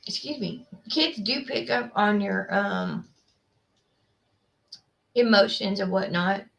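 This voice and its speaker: A woman's voice: mid-range voice, slow pace, vocal fry, a bit bright. A woman, hosting a livestream and chatting casually with viewers, rambling with lots of fillers. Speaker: livestream host. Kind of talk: casual chat with live viewers.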